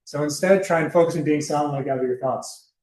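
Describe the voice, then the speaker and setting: A man's voice: a little high, fast, darkish tone. A young man giving a casual, chatty presentation to a student club, loose and full of fillers and asides. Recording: echoey room.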